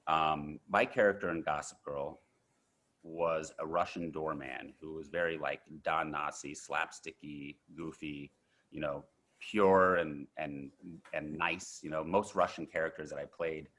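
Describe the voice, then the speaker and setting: A man in his thirties with a very deep, low voice tells rambling stories as an interview guest. He restarts sentences often and fills pauses with casual fillers. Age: 30s. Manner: animated anecdotes with many fillers and restarts.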